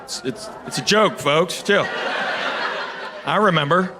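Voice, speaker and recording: A man's voice: a little high, measured pace, background noise. A middle-aged man from Tennessee, doing a stand-up set and telling stories with quoted voices and playful asides to the crowd. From Knoxville, Tennessee. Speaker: stand-up comedian. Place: comedy stage with live audience.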